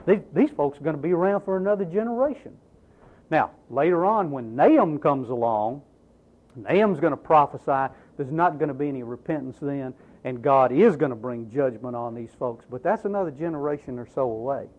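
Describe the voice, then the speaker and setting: Male preacher, sermon, highish voice with swooping emphasis, tinny narrow recording. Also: brisk. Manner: animated, emphatic preaching with rhetorical questions. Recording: tinny, phone-like narrow sound.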